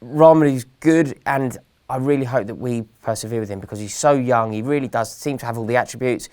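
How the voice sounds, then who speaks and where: Earnest, measured man hosting football chat. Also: mid-range voice. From England. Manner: earnest, measured, gently sarcastic. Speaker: host.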